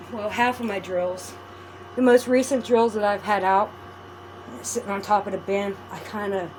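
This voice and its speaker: A woman vlogger with a mid-range voice crafts at home and chats casually to her viewers over background noise. She rambles in a friendly way, warmly calling them "adorables."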